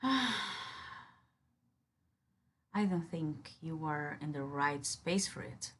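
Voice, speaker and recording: A woman's voice: low voice, animated, drawn-out words, a bit bright, a little hiss or hum. A woman in an audio role-play who speaks straight to the listener as a firm, commanding yet caring partner.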